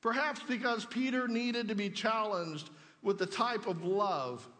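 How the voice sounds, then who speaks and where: A pastor with a notably high voice delivers a conversational sermon, posing rhetorical questions to his listeners. His words ring out with a long reverb, as if spoken in a large church sanctuary. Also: a little slow, bright, forceful tone.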